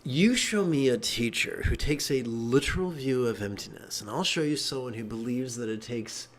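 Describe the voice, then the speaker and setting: Man, meditation teacher, dharma talk, animated, joking asides, medium pitch. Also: moderate pace.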